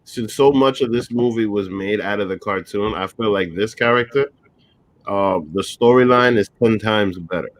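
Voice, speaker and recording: A man's voice: fairly low pitch, normal speed, no echo, rough recording. A man co-hosting a casual movie review show, speaking hesitantly with many fillers. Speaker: podcast co-host.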